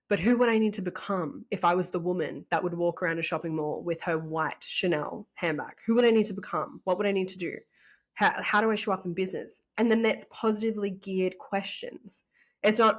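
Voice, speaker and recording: A woman's voice: medium pitch, steady tone, a little fast. A woman, a podcast guest talking casually and enthusiastically, often repeating rhetorical questions.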